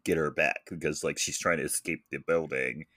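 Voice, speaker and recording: A man's voice: extremely low pitch, steady tone, brisk, sharp tone, dry recording, studio quality. A man co-hosting a casual podcast, retelling a movie's plot and laughing often. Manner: laughs often, retells scenes with quoted voices. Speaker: podcast co-host. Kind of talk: casual chat recapping a movie.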